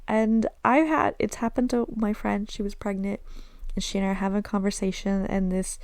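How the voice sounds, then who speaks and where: A woman's voice: medium pitch, fairly even intonation, brisk, a little mellow, no room sound. A woman with a Southern American accent talking candidly and self-deprecatingly on her own podcast, slipping in Arabic phrases. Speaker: podcast host. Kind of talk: casual solo podcast storytelling.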